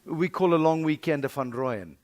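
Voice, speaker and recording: Wry South African keynote speaker. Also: male voice, a little high, normal speed. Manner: animated, wry, dramatic shifts in volume. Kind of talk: humorous keynote storytelling. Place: conference breakfast venue.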